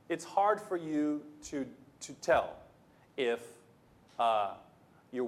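A man preaching a sermon as pastor, talking in a loose, conversational way with restarts and playful asides. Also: a little high.

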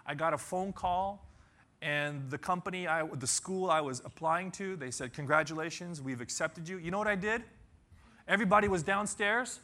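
A man preaching a sermon, telling a Bible story with animated storytelling, sudden shouts and dramatic pauses. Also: high-pitched. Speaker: pastor.

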